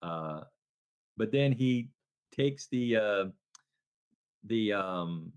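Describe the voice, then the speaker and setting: A man's voice: extremely slow, clean tone. A man co-hosting a casual movie podcast, retelling scenes in a rambling way and acting out the characters' lines. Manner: animated storytelling, acts out scenes in a loud high voice; rambling with many restarts and fillers. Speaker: podcast co-host.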